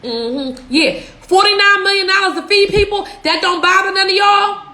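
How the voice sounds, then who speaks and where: A woman's voice: extremely high pitch, moderate pace, pushed and bright. A young woman in Philadelphia giving a profane, fired-up livestream rant, firing off rhetorical questions. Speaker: social media business coach. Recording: echoey room.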